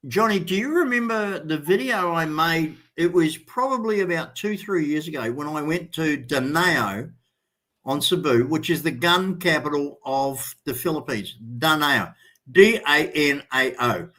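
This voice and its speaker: On a live stream, a male host tells a casual story in a fairly high voice at a measured pace. He's an animated storyteller, acting out the voices of the other people in it.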